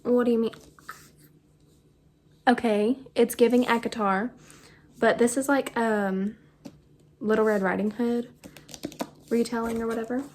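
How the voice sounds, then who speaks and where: A bubbly young woman chats to a camera propped on the floor. She talks loosely and fills her sentences with "like" and "um". A fan hums clearly behind her in a noisy home room. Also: on the high side, steady tone, a little slow, long pauses, a little mellow. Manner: bubbly, chatty, lots of fillers. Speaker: book vlogger. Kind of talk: casual chat to camera.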